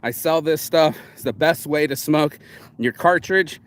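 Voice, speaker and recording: A man's voice: on the high side, a little slow. A man vlogging outdoors, rambling in a candid, confessional way with many fillers and restarts. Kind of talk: casual morning livestream monologue.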